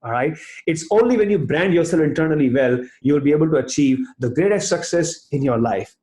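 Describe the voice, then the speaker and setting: A man's voice: fairly high pitch, lively intonation, a little fast, darkish tone. A man giving a rousing, emphatic motivational talk and telling a story to his listeners. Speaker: motivational speaker. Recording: roomy echo.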